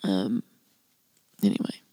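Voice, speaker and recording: A woman hosting a casual solo podcast, rambling and confessional with lots of "like", often sinking to a breathy near-whisper. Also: slow, dark tone, no echo. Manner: rambling and confessional, heavy use of "like". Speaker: podcast host.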